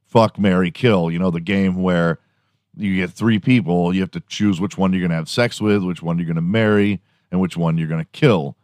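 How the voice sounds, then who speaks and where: A man's voice: low-pitched, steady tone, normal speed, darkish tone, dry recording. A man hosting a podcast, telling a rambling comic story with frequent profanity and laughter. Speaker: podcast host. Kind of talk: rambling comedic monologue.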